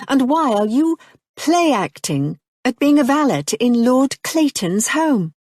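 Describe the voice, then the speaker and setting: A woman's voice: high-pitched, sing-song, takes it slowly, a little mellow, no room sound, studio quality, voice pushed up, heavily acted. A woman voicing a guarded young woman who hides her identity, speaking in a raised, defiant voice.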